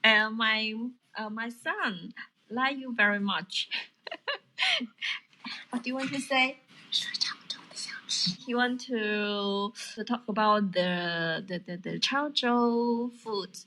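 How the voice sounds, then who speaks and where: A woman calls in as a mother, nervous and giggling, hesitating between words. She talks very slowly in a bright, slightly raised voice, with faint noise behind her. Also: on the high side, rough recording. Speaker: caller, mother. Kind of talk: casual chat.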